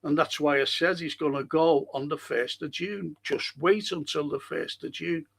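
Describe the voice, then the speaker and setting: Gravelly, blunt-talking man hosting a podcast. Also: a little high, moderate pace, fairly bright tone. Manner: blunt, swears freely, reads viewer comments aloud. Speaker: podcast host. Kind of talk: casual live-stream fan podcast chat.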